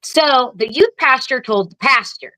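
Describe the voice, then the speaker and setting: A woman's voice: sits high, expressive, measured pace, pushed and bright, no echo, low-quality recording. A woman guest telling her story in candid conversation, blunt and swearing heavily as she acts out what she and others said. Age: adult with children. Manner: blunt, heavy swearing, vivid quoted retorts. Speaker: guest, Air Force veteran.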